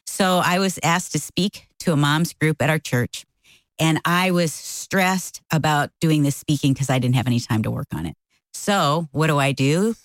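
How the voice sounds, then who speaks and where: Lively, low-voiced middle-aged woman storyteller. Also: no echo. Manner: animated storyteller, acts out quotes. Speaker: co-host. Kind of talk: casual conversation between spouses.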